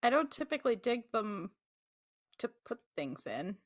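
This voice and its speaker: A woman's voice: on the high side, big pitch swings, moderate pace. A woman playing a tabletop game, joking crudely and laughing often. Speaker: player. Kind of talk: casual game chat.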